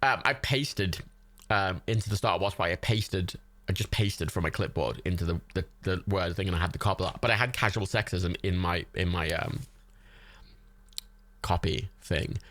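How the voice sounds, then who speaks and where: A man's voice: sits low, moderate pace, a bit bright. A man from Ireland hosting a livestream watch party, chatting casually, swearing a lot and laughing often. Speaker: livestream host. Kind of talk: casual chat during a movie watch party.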